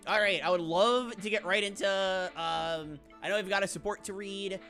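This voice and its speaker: A woman's voice: mid-range voice, measured pace, fairly bright tone, soft background music. A woman streamer chatting casually with her viewers in a chatty, bubbly way. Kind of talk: casual live-stream chat.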